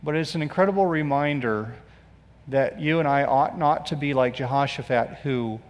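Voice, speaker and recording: A man's voice: medium pitch, moderate pace, big-room sound, highs cut off. A male pastor preaching a sermon, telling the story with sarcastic asides and acted-out quotes.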